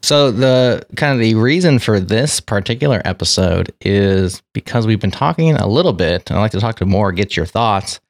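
Low gravelly-voiced podcast host. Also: male voice, lively intonation, moderate pace, few pauses, dry recording, clean studio sound. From United States. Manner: rambling, friendly, self-correcting. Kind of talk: casual chat.

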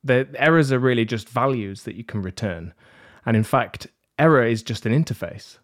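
A man's voice: mid-range voice, animated, moderate pace. A man hosting a podcast panel, joking and rambling in a self-deprecating way. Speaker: podcast host. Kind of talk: casual panel chat. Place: London.

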